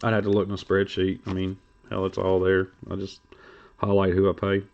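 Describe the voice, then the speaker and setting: A man's voice: sits low, monotone, fairly quick, a little mellow, lo-fi sound. A man hosting a trading card stream, rambling and joking crudely in casual chat.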